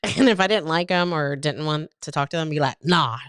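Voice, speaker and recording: Laughing storytelling woman, clear voice. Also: sits low, brisk, no echo, studio quality. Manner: laughs often, animated storytelling. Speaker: podcast co-host. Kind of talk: casual chat.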